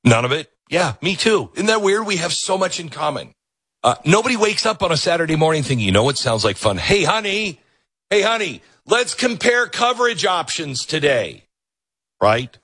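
A man's voice: big pitch swings, normal speed, fairly bright tone, husky, no echo. A male talk show host ranting sarcastically and mocking his opponents in put-on voices, then reading an ad. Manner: sarcastic, ranting, mock voices, jumps high when mocking. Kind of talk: opinionated talk show monologue with host-read ad.

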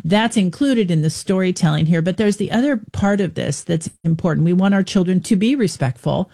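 A woman's voice: on the low side, animated, fairly quick, vocal fry, mellow. A woman hosting an interview, affirming her guest and talking casually. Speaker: podcast host. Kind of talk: conversational interview.

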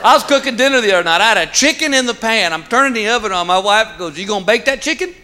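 A man's voice: sits high, lively intonation, fast talker, a little hiss or hum. A man doing a folksy stand-up routine, stretching out his punchlines. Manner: folksy storytelling with a drawled punchline. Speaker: stand-up comedian. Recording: live show with loud audience.

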